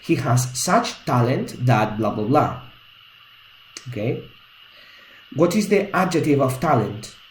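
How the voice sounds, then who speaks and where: Slow, patient male English teacher. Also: mid-range voice, expressive, reverberant, a little hiss or hum, rough recording. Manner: patient, explains step by step. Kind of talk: grammar lesson.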